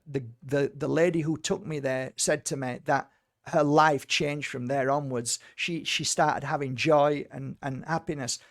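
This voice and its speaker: Animated male spiritual healer, high voice. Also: vocal fry. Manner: animated, emphatic, frequent repeated words. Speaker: spiritual healer and medium, guest. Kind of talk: casual storytelling conversation.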